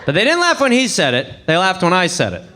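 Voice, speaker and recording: Lively high-voiced young stand-up man. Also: fast, noisy background. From England. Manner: animated storytelling, jumping between high excited bursts and low asides. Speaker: stand-up comedian. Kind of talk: stand-up comedy set. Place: comedy club stage with audience.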